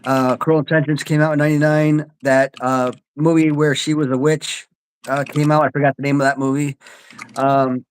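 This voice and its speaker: A man's voice: a little high, level tone, normal speed, slight background noise. A man in his forties, a laid-back podcast host who chats about films and laughs easily. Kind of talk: casual chat.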